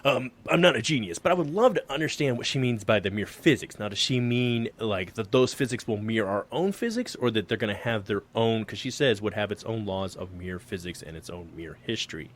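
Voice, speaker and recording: A man with a fairly low voice co-hosts a casual podcast over a remote call. He reads an article aloud, breaks off to joke, and trips over his own words. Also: lively intonation, a little fast, hardly any pauses, slight background noise. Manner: joking, self-deprecating, stumbles over words. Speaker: podcast co-host.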